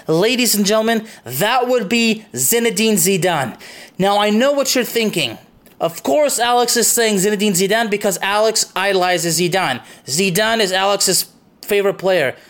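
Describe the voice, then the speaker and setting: A man's voice: high-pitched, a bit bright. A young man hosting his own soccer show, delivering an impassioned opinion monologue, emphatic and repetitive, stopping for "okay?" and swearing.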